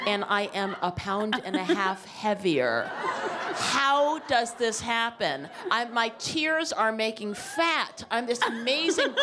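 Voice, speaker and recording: A middle-aged woman author tells self-mocking comic stories in front of a live audience. She jumps between loud exclamations and quiet asides. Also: a little high. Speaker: author and guest speaker. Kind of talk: comic storytelling on stage. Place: live talk before an audience.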